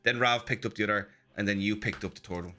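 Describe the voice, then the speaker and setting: A man's voice: fairly low pitch, steady tone, quick pace, a crowd in the background. A man running a tabletop game as game master, narrating playfully.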